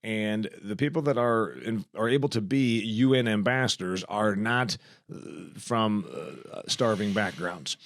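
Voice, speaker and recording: A man's voice: lowish voice, unhurried, dry recording, clean studio sound. A man hosting a talk podcast, ranting bluntly and animatedly with sarcastic asides. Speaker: podcast host. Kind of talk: casual interview chat. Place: studio in Arizona.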